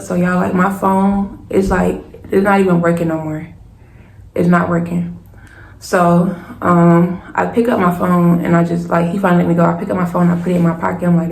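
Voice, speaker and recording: A young woman, telling a personal story to her viewers in a lively, casual way and calling them y'all. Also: fairly low pitch, normal speed, creaky. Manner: animated, keeps addressing viewers as y'all. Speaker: storytime vlogger. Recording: echoey room with faint hiss.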